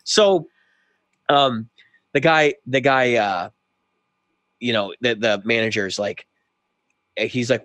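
A man's voice: medium pitch, animated, a little slow, pauses often, a bit bright, no echo. A man co-hosting a podcast who tells a long story in casual chat and acts out both sides of a heated exchange. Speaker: podcast co-host.

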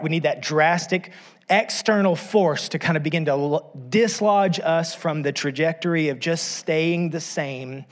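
A middle-aged man preaching a sermon in a conversational way, with frequent asides to the congregation and self-deprecating humor. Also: fairly high pitch. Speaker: pastor.

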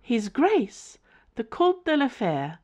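A woman's voice: on the high side, big pitch swings, slow, a little mellow, highs cut off, voice pushed up, exaggerated voice. A woman voicing a sentient house that speaks in a creepy, formal, plaintive tone.

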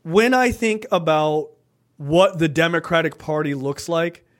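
With a measured pace and a slightly high voice, a man co-hosts a podcast about politics. He talks casually and animatedly, swearing and rambling, with many "right?" asides.

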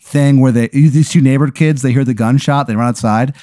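A man hosting a comedy podcast, telling an improvised absurd story in a deadpan, drawn-out way. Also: medium pitch, no echo, studio quality. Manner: deadpan, drawn-out narration with sudden absurd turns.

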